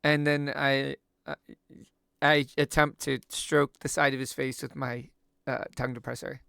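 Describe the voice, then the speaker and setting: A man's voice: mid-range voice, little pitch movement, unhurried, creaky, sharp tone, smooth, dry recording, clean studio sound. A man playing a tabletop game, playful and joking. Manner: playful, joking, laughing often. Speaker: player.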